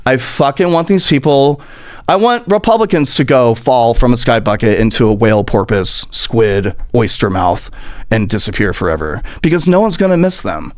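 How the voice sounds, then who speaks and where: A man's voice: medium pitch, lively intonation, normal speed. A young adult man hosting a comedic podcast, ranting about politics in a profane, mocking way and slipping into silly put-on voices. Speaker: podcast host.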